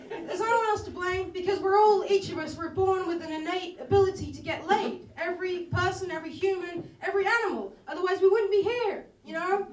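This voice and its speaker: A woman's voice: very high voice, a little fast, far from the mic. A woman performing a stand-up comedy set, self-deprecating and rambling, often laughing at her own jokes. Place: comedy club stage. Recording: echoey club room, mic heard from afar, loud crowd.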